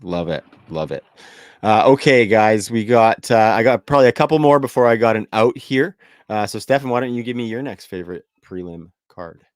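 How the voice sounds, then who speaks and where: A man's voice: fairly low pitch, lively intonation, brisk, dry recording, clean studio sound. A man hosting a sports podcast, upbeat and steering the talk between his co-hosts. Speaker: podcast host.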